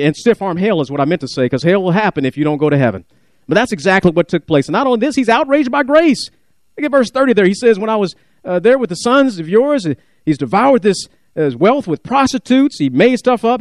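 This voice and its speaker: A man preaching a sermon, animated, acting out biblical speakers and asking the congregation questions. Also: high voice, dry recording, clean studio sound. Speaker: pastor.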